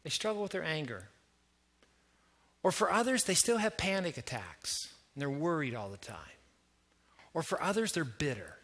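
In his sermon, a middle-aged Canadian pastor speaks in a lively, conversational style, often pausing and repeatedly drawing the congregation in with questions. His voice sits high for a man and rings bright and forceful, at a moderate pace.

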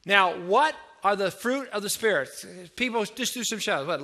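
A middle-aged Canadian pastor preaches in a lively, conversational way and keeps drawing his congregation in with questions. His voice sits high for a man. It has a bright, forceful ring. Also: moderate pace, few pauses. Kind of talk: sermon.

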